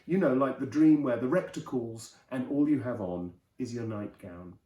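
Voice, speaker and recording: Mellow-voiced man reading a novel aloud. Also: medium pitch, moderate pace, echoey room. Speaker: host and reader.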